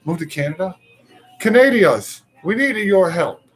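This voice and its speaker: A man's voice: sits high, big pitch swings, measured pace, fairly bright tone. A man co-hosting a live show, joking and rambling in casual banter while talking to viewers. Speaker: co-host.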